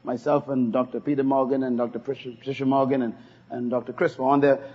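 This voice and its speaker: This man speaks in a mid-range, slightly rough voice at a quick pace with a level tone. Preaching emphatically, he repeats key lines for the congregation to echo, captured on a dull lo-fi sermon tape.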